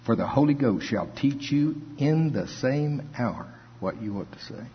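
A man's voice: medium pitch, animated, measured pace, slight background noise. A male preacher giving a conversational sermon, reading scripture aloud and chuckling between his points. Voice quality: husky. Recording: dull lo-fi recording.

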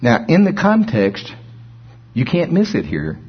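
A man preaching an informal sermon in a conversational way, with slow, deliberate scripture reading and a husky voice. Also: mid-range voice, huge pitch swings, highs cut off.

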